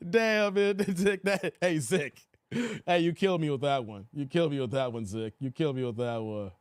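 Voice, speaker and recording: A man's voice: on the high side, normal speed, clear, resonant tone, dry recording, clean studio sound. A man hosting a livestream, reading viewers' chat and roasting them in casual, slangy, taunting talk. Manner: trash-talking, taunting and slangy; animated, laughs often.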